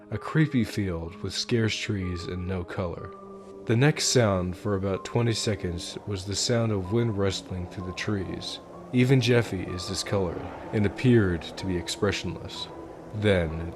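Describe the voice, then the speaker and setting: Deep-voiced man narrating a horror story. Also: a little mellow. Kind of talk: scripted creepypasta narration. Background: background music.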